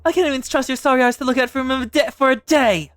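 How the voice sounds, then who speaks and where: A woman voicing an exasperated old nobleman who scolds loudly, reading game lines aloud. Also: high-pitched, fast talker, voice pushed up, close to an everyday voice.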